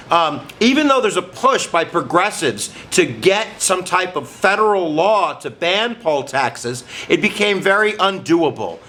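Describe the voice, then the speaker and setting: A man's voice: on the high side, bright, forceful tone. A man hosting a history lesson channel, talking to viewers in an upbeat, jokey, casual way. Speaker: history teacher host.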